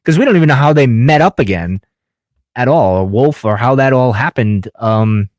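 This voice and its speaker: A man's voice: mid-range voice, lively intonation, moderate pace, darkish tone, dry recording, studio quality. A man hosting a podcast in casual chat, rambling with fillers and restarts. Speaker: podcast host.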